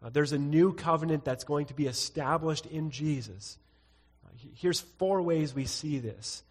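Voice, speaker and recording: A man's voice: fairly high pitch, moderate pace. Man preaching in a reverberant hall. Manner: teaching through scripture, reads verses aloud, frequent "uh" fillers. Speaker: pastor. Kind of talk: sermon.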